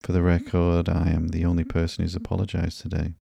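A man reading the lines of a sarcastic young woman antihero in a low-key, barely changed voice for a sleepy comic book reading. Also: completely flat delivery, fairly quick, vocal fry, warm tone, no echo, studio quality, exaggerated voice. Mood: sulky.

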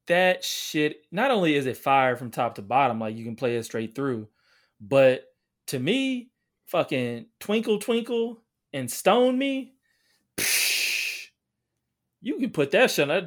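A man's voice: on the high side, big pitch swings. Rambling profane man telling stories. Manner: rambling, profane, with halting fillers. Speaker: podcast co-host. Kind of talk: casual storytelling chat.

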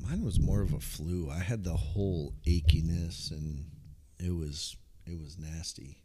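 Laid-back man co-host, deep voice, relaxed chat with plenty of laughter. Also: measured pace, husky. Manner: easygoing, laughs at his own jokes. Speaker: podcast co-host. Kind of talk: casual chat.

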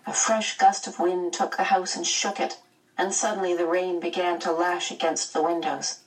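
A woman narrating a children's novel aloud in a measured, expressive way. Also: on the low side, recorded from a distance, low-quality recording. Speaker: audiobook narrator. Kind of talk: storybook narration.

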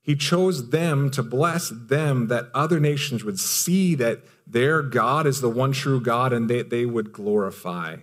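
A man's voice: mid-range voice, measured pace, hardly any pauses. A male pastor preaching a sermon in an emphatic, conversational way. He often repeats and restarts phrases as he drives a point home.

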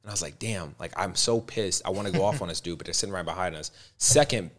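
A man with a very low voice tells a story with lively, loose energy. He swears freely and talks in an easy chat. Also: quick pace. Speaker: podcast co-host. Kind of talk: casual chat.

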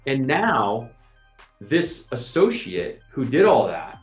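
A man co-hosting a podcast, explaining his point in a lively, persuasive way and often adding "right?". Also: mid-range voice, takes it slowly. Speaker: podcast co-host. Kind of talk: casual conversational explaining. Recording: roomy sound with faint music.

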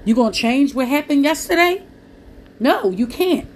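A woman's voice: high-pitched, lively intonation, moderate pace, slight background noise. Earnest pleading woman preaching, AAVE speech. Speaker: Christian preacher. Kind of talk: preaching to listeners.

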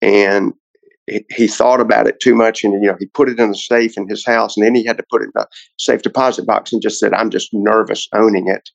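A man's voice: fairly low pitch, flat delivery, fairly quick, creaky, no echo, highs cut off. A man, a car collector guest on a podcast, telling a long story in a casual, rambling way with many restarts.

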